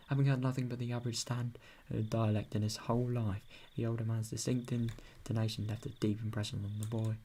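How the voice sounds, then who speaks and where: A man's voice: mid-range voice, little pitch movement, a little fast, hardly any pauses, dark tone, a little hiss or hum. A young British man reading a visual novel aloud, breaking off to chat and swear about the story. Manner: chatty, swears often, reacts with sudden bursts. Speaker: video novel reader.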